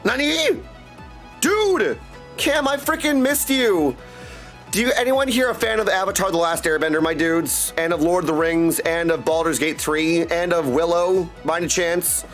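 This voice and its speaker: A man chatting excitably with his viewers on a live stream, full of catchphrases. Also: fairly high pitch, brisk, few pauses, faint music behind. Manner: excitable, chatty, keeps saying my dudes. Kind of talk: casual live-stream chat.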